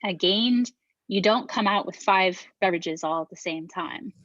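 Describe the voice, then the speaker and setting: With a fairly bright, mid-range voice at ordinary speed, a middle-aged beverage founder shares her story as an interview guest on a podcast. Her talk is frank, sprinkled with casual swearing and frequent sentence restarts. There's no room sound, and the highs are cut off.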